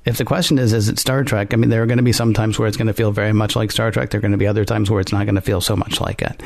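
Low gravelly man musing aloud. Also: level tone, very fast, darkish tone, no room sound. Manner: rambling, thinking aloud with many restarts. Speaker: podcast co-host. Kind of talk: casual podcast discussion.

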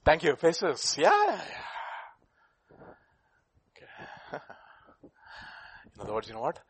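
A man preaching a sermon, swinging between loud bursts and hushed asides. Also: fairly high pitch, lively intonation, slow, a little hiss or hum.

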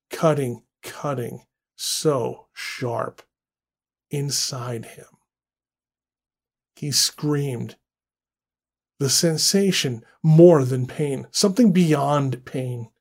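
A man narrating a dark horror story in a measured, deliberate way. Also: fairly high pitch.

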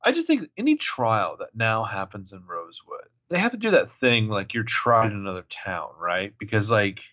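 A man chatting on a recap podcast with a lively, swinging voice. He jumps into quick voices for quoted lines and swears freely. The sound is close and dry, a little dull. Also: on the low side, no room sound. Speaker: podcast co-host recapping a TV episode. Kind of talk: casual chat, retelling scenes with quick character voices.

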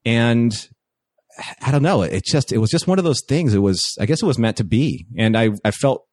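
A man's voice: medium pitch, animated, normal speed, a little mellow, no echo, clean studio sound. A man casually telling a long story, with restarts and quoted dialogue along the way.

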